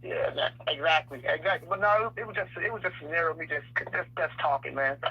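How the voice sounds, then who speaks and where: A man calling in to a talk show, talking casually and fast, tripping over his words and restarting a lot. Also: fairly high pitch, breathy edge. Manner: rapid, stammering, restarts a lot. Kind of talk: casual chat. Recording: dull lo-fi line with noise.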